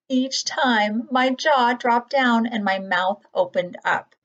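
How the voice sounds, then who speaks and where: Kindergarten teacher, woman, slow and clear, slightly high voice, dull lo-fi recording. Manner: gentle, patient, drawn-out word modeling. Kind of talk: slow, clear phonics lesson for young children. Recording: dull lo-fi audio.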